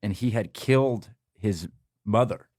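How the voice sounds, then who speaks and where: A man on a podcast telling a story in a loose, animated way, laughing often as he goes. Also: on the low side, unhurried, dry recording, studio quality. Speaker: podcast guest. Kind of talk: casual storytelling.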